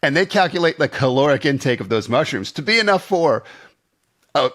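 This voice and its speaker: A man's voice: fairly high pitch, big pitch swings, fairly quick, fairly bright tone. A man co-hosting a comedy podcast, explaining things in a dry, sarcastic way. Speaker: podcast co-host. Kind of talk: casual comedic chat.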